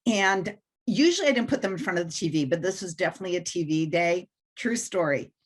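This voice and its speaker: A woman's voice: fairly low pitch, lively intonation, quick pace, slightly rough. A woman guest on an interview, telling a personal story with animation and self-deprecating humor. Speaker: guest mentor.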